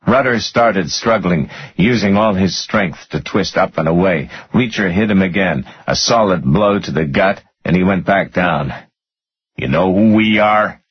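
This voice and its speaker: Deep, husky male audiobook narrator. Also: normal speed, few pauses. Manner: dramatic, expressive reading. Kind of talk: scripted narration. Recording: muffled lo-fi audio.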